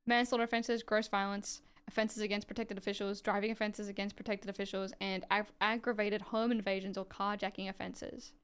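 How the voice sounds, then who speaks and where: A woman's voice: medium pitch, flat delivery, fairly quick, hardly any pauses, smooth. An Australian woman livestreaming, reading dense legal text aloud and chatting offhand with viewers, swearing casually.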